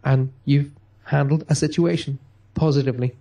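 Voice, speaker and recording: A man's voice: medium pitch, fairly even intonation, normal speed, creaky, dark tone. A man giving an emphatic motivational talk, acting out quotes in a radio-style chat. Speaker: guest speaker.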